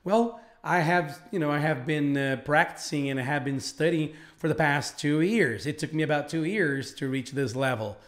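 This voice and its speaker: A man's voice: on the high side, moderate pace, few pauses, close to an everyday voice. Man playing a polite young Brazilian student. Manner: polite, earnest answers.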